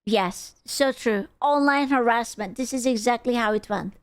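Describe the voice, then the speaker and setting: A woman's voice: a little high, normal speed, clear, resonant tone, dry recording, studio quality. A woman streamer giving casual reaction commentary, sarcastic and mocking, swearing freely. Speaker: VTuber streamer reacting to a video.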